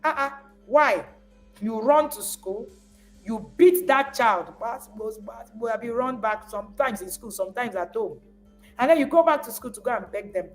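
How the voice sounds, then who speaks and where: A woman's voice: fairly high pitch, lively intonation, moderate pace, faint music behind, poor audio. A woman giving a live talk as a parenting coach. She speaks with emphasis, repeats phrases to drive points home, and acts out parents as she goes. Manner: repeats words when stressing a point.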